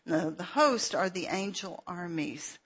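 A woman teaching a sermon, reading Bible verses and stopping to explain them in an unhurried, earnest way, with fillers. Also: fairly low pitch, animated, fairly bright tone, husky. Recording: dull lo-fi recording.

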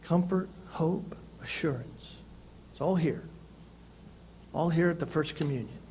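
A male pastor preaching a sermon, emphatic and repeating key phrases, with swings between loud passages and quiet ones. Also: a little high, unhurried, a little hiss or hum, low-quality recording.

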